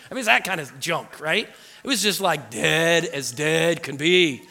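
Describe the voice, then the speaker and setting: A man preaching a personal testimony, telling the story with animated energy and acting out what people said. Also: a little high, a little slow, creaky, long reverb tail. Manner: animated storytelling, acts out quotes. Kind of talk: sermon testimony.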